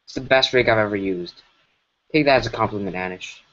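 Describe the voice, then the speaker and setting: A man animates while livestreaming, giving casual commentary that rambles and corrects itself, full of fillers. His lowish voice is brisk and fairly bright, coming through a broken computer mic that sounds dull and lo-fi.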